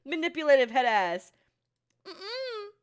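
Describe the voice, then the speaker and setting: A woman whose voice sits high, speaking a little slowly, gives casual reaction commentary on an anime. Animated and profane, she swears freely, laughs often and speaks candidly about her own past.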